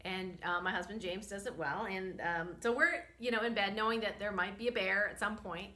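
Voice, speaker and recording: Woman vlog host, bright and forceful tone, chatty storyteller with lots of "like" and "you know", handheld camera. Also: medium pitch, a little fast. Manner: animated, chatty, many fillers, laughs often. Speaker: host and spiritual medicine practitioner. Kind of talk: casual storytelling. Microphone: camera she holds herself.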